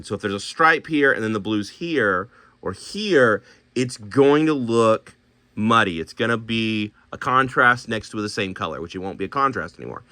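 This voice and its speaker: A man's voice: mid-range voice, sharp tone, no echo. A man casually thinking aloud as he shows paints and miniatures, talking himself through color choices with many restarts.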